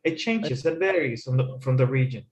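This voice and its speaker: A man, teaching an English lesson with slow, careful explanations. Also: medium pitch, animated, darkish tone, lo-fi sound, a little hiss or hum. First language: Spanish. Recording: echoey room.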